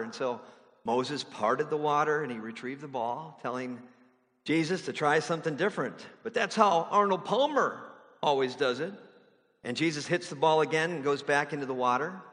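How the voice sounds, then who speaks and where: A man's voice: a little high, brisk, a bit bright, big-room sound. A man preaching a sermon, conversational with fillers, building to emphatic declarations. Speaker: pastor.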